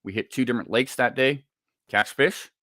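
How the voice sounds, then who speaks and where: A man's voice: medium pitch, pushed and bright, clean studio sound. Guy from scotland telling a creepy camping story, repeats himself, punchy tone, no room echo. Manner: halting, repeats words, builds tension. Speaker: guest telling an encounter story. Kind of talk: casual storytelling.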